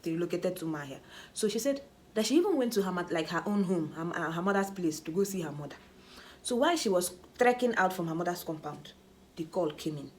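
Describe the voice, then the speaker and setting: A woman's voice: fairly low pitch, quick pace, a little hiss or hum. Chatty Nigerian woman telling a story. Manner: animated, chatty, with pidgin asides. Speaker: vlogger. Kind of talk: storytelling vlog.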